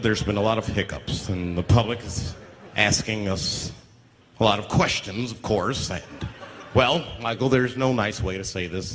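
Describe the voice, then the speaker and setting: Guy putting on a low stiff official voice, formal, halting, some faint hiss. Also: fairly bright tone, lightly acted. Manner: formal, hesitant briefing tone. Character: blunt male government official, apologetic.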